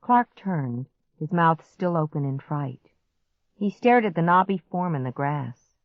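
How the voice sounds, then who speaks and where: A woman narrating a children's story in the first person, slow and expressive. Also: sits low, no echo. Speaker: audiobook narrator. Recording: dry, slightly muffled audiobook recording.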